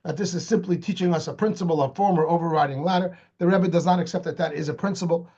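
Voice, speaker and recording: A man, a rabbi, giving an explanatory Torah lecture. He talks in an animated way, asks rhetorical questions and repeats words as he restarts. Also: fairly high pitch, fast talker, lo-fi sound.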